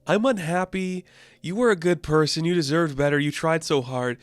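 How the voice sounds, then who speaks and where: A grieving adult woman, heartbroken and bitter, speaking in a raised, plaintive voice, as a man puts her on. The pitch sits well above his usual range. It is recorded dry with no room sound. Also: moderate pace, dry recording, natural voice.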